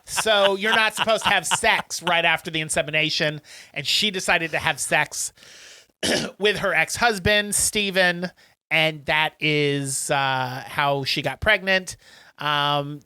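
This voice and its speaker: A man co-hosting a podcast, casually recapping a film plot and acting out the characters' lines in raised, excited voices. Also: sits high, smooth, dry recording, clean studio sound. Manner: animated retelling, acts out characters in raised voices. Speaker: podcast co-host.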